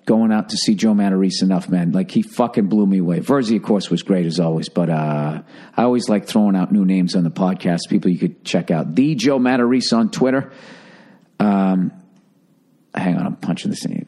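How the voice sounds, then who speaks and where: A man's voice: low-pitched, normal speed. A middle-aged man from the Boston area hosting a podcast, telling a rambling, profanity-laced story in a casual monologue. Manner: profane, rambling, animated when doing quoted voices. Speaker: podcast host.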